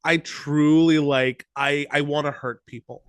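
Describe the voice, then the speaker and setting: Rambling man, slightly higher voice. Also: steady tone, a little slow, dry recording. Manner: thoughtful, rambling with many fillers. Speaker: podcast co-host. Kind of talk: casual chat reviewing a TV episode.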